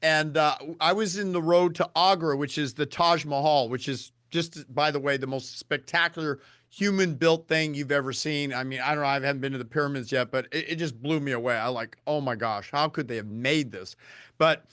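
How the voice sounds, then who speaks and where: A man with a notably high voice, captured close and dry with almost no room sound. He is an eager storyteller who slips into lecturing about nutrition, talking casually as a podcast guest. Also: steady tone, fairly quick, a bit bright, smooth, no room sound. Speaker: podcast guest, health and longevity speaker. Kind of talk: casual conversation.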